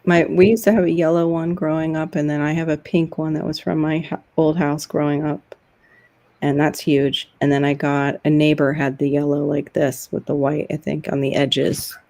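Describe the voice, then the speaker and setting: A woman's voice: deep voice, level tone, moderate pace, creaky, darkish tone. A woman hosting a casual online talk show, chatting and laughing often. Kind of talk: casual chat.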